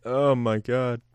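Podcast co-host: young guy, clear smooth voice, joking and cussing, dry room. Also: mid-range voice, no room sound. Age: 20s. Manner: animated, joking, profane. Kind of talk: casual chat.

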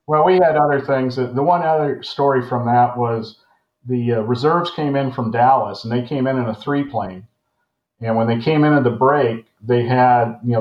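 A man in his sixties, a former naval aviator, telling stories in a rambling, chuckling way. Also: mid-range voice. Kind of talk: casual storytelling. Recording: roomy, dull audio.

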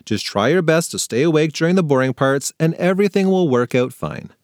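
A man's voice: fairly high pitch, expressive, a little fast, darkish tone, no echo, clean studio sound, voice pushed up, close to an everyday voice. A man doing an exasperated big-sister girl. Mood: coaxing. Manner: bossy, exasperated sisterly pleading.

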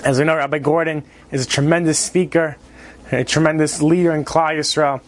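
A man hosts an event and introduces the next speaker. He speaks formally, with small restarts. His voice sits a little high. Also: fairly even intonation, fairly quick.

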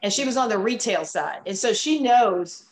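This is a middle-aged woman, a guest chatting on a talk show. She tells her stories at an even, middle pitch and acts out the people she quotes. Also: moderate pace. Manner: storytelling, acts out quoted dialogue. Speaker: guest, wine business co-founder. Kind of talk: casual interview chat.

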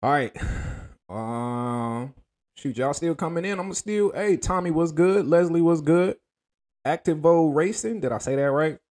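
A man hosting a casual livestream, talking in a laid-back, slangy way and greeting viewers by name with shout-outs. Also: fairly high pitch, unhurried. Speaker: livestream host.

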